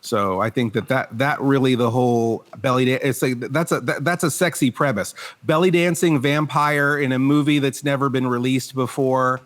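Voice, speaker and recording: A man's voice: medium pitch, fairly even intonation, normal speed, few pauses. A man hosting a comedy podcast, talking in a chatty way, often laughing and restarting his sentences. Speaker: podcast host. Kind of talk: casual podcast chat.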